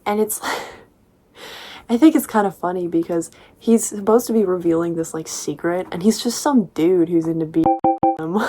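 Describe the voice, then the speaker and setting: A woman's voice: fairly low pitch, normal speed, warm tone. A young woman casually recapping a novel as a book reviewer, with sarcastic, laughing asides.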